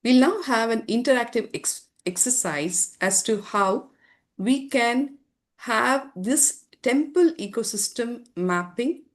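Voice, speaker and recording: Woman lecturing at a summit, slow and earnest, a bit high, says uh now and then. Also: lively intonation. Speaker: presenter at a summit session. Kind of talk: slide presentation to an audience. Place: conference room.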